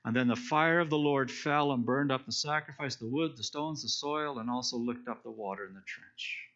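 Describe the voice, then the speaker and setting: Retelling scripture for a Bible study, a preacher talks casually and explains along the way, restarting and using fillers. He has a mid-range voice, normal pace and fairly bright tone. The audio is dull lo-fi.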